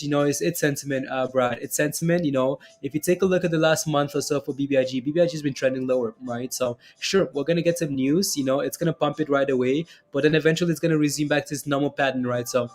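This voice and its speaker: A man's voice: fairly high pitch, darkish tone. A man hosting a casual trading livestream, rambling with many fillers as he reads out viewer questions. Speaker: stock and crypto livestream host.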